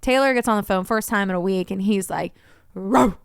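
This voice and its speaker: A young woman co-hosting a podcast, telling a story in casual chat, animated and acting out the voices of people she quotes, swearing freely. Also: medium pitch, fast talker, clean tone, no room sound, clean studio sound. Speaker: podcast co-host.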